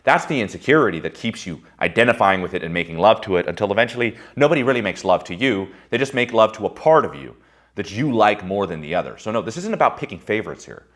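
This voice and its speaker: A man with a very low voice tells candid personal stories about himself. He is blunt and swears freely. He swings from loud outbursts to quiet, reflective asides. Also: animated, fast talker. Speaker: speaker giving a personal-growth monologue. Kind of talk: candid storytelling monologue.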